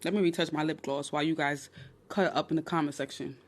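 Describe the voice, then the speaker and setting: A young woman in her twenties with a New York accent, hosting a blunt, animated dating-advice livestream on her phone. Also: low voice, quick pace, noisy background. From Nigerian, raised in New York. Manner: blunt, animated, crude humor. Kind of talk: casual livestream chat.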